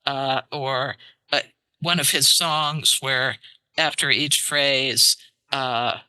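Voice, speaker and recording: A woman translator, a guest on a podcast, explaining in an animated way and tapping out verse rhythms aloud. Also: rumbling low, takes it slowly, clean tone, no room sound, poor audio. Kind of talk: casual podcast interview. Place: studio.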